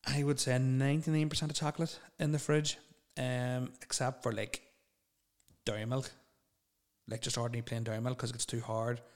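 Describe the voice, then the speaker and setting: A man's voice: mid-range voice, little pitch movement, fairly quick. A young man hosting a solo podcast, rambling and swearing bluntly as he answers listener questions. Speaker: podcast host.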